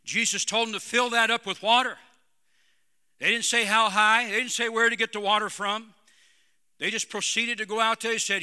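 A man's voice: sits high, fairly even intonation, moderate pace, pushed and bright, clear, resonant tone. A man preaching a sermon as pastor, calling out "Amen?" to his congregation. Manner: preaching with call-and-response "Amen?". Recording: long hall reverb.

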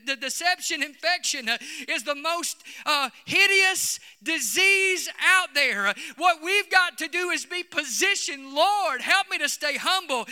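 A man's voice: extremely high pitch, pushed and bright, big-room sound. A man preaching a sermon to his congregation, emphatic, repeating key phrases and calling out to the listeners. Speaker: pastor. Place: church hall.

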